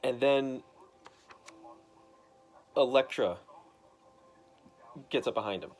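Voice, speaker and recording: A young man casually retelling a comic book story to his dad, rambling with lots of fillers and quickly acting out characters' lines. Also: mid-range voice.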